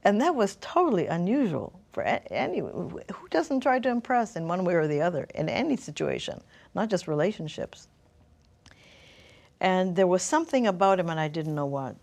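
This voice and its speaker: A woman's voice: fairly low pitch, sing-song, moderate pace, gravelly, darkish tone. A middle-aged woman telling her personal story as an interview guest, thoughtful and searching for words.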